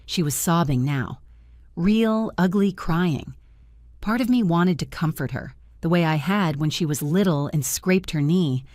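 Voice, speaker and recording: An older woman narrating her own story in the first person, calm and firm. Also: sits low, unhurried, no room sound, clean studio sound.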